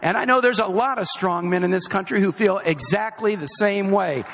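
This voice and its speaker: With a faint crowd and a noisy background, a middle-aged man speaks at normal speed in a high voice with a long reverb tail. He gives a forceful rally speech in an outdoor space or hall, repeating key phrases for emphasis.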